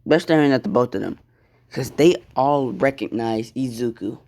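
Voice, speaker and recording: A man's voice: medium pitch, normal speed, a little mellow. A man casually narrating an improvised fan story, swearing often and acting out the lines. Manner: casual, swears a lot, acts out quotes.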